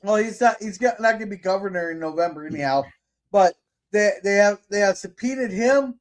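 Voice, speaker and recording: A man's voice: high-pitched, animated, brisk. A man hosting a podcast in heated casual political chat, indignant, swearing, and stumbling over restarts. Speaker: podcast host.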